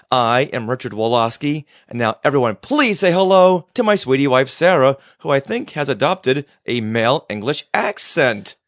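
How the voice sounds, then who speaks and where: A man co-hosting a casual fan podcast, bantering in an excitable, playful way. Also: mid-range voice, no echo, clean studio sound. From United States. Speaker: podcast co-host.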